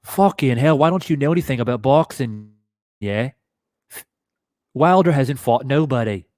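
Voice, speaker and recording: A man's voice: medium pitch, lively intonation, normal speed, a little mellow, no room sound, clean studio sound, natural voice. A man voicing a mocking, swearing British fan in a put-on British accent that drifts toward Aussie. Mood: taunting. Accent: put-on British, mixed with Aussie. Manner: taunting, profane.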